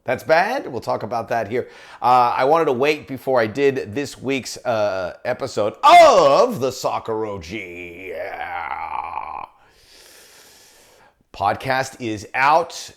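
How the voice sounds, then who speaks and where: A man's voice: medium pitch, very animated, slow pace, creaky, fairly bright tone. A middle-aged man, a soccer broadcaster, talking in a jokey, chatty video monologue. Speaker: soccer broadcaster and podcast host.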